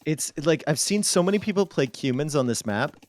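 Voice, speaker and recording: A man's voice: a little high, expressive, brisk, dry recording. A man commentating on a strategy game match live, with playful, joking banter.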